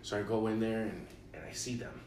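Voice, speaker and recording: A young man from Illinois tells a story with a low voice, acting out every line of dialogue and laughing as he goes. He sits a bit back from the mic in a roomy space, with faint ambience behind him. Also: brisk, recorded from a distance, slight background noise. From Illinois, USA. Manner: animated storyteller, acts out quotes, laughs often. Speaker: podcast host. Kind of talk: casual storytelling chat.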